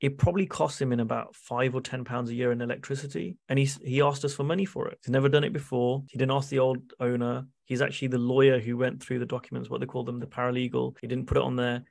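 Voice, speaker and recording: Male business coach, gravelly voice, dry close sound, storytelling to a class. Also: mid-range voice, level tone, fast talker, hardly any pauses, a little mellow, no room sound. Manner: candid storytelling, acts out quoted exchanges. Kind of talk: masterclass talk with anecdotes.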